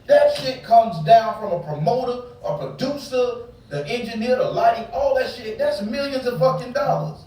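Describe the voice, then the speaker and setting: A man's voice: very high-pitched, normal speed, hardly any pauses, darkish tone, far from the mic. A man ranting angrily and profanely in a casual heated talk, preaching at his listeners about relationships. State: angry. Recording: very echoey room, off-mic, faint background hum.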